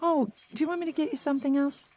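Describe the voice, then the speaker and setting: A woman's voice: high voice, steady tone, racing, a little mellow, natural voice. An actress playing a friendly, easygoing female bartender chatting with a customer.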